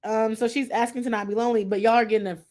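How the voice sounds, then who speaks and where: A woman's voice: on the high side, steady tone, rapid-fire, a little mellow. A young adult woman hosting a casual TV recap show, talking in a chatty, rambling way and mimicking the people she describes. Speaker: podcast host.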